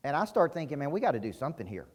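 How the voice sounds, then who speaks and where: A man's voice: a little high, big pitch swings, rapid-fire. A middle-aged man giving an intense, punchy business-coaching keynote at a conference, often quizzing his audience. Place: conference hall stage.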